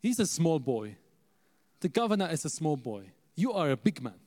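A man voicing a jovial older male reverend with a Ghanaian accent, speaking in a booming, fatherly way. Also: sing-song, normal speed, warm tone. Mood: amused. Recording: echoey hall.

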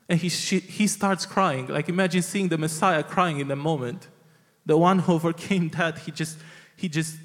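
A man's voice: fairly high pitch, big-room sound. A man preaching a sermon in an earnest, heartfelt way, often restarting his phrases.

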